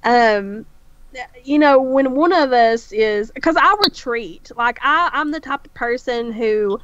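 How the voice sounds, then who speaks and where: A woman's voice: fairly high pitch, a bit bright, no room sound. A woman with a Southern US accent, a psychic medium speaking bluntly on a video call with dull lo-fi audio. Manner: blunt, salty, slow storyteller. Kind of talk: casual group chat.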